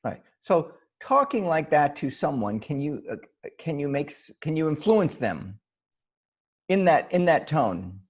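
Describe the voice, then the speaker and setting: Lively, husky man on a video call. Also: fairly high pitch, unhurried. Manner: animated, laughs often, stumbles and restarts. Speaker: podcast co-host. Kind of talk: casual improv chat over video call. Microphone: video call mic.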